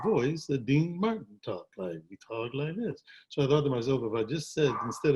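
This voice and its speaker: An older man, an actor, telling stories in a relaxed interview from his home over a video call, with frequent restarts and repeated words. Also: medium pitch, moderate pace, few pauses, dull audio, background noise. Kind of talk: casual storytelling interview.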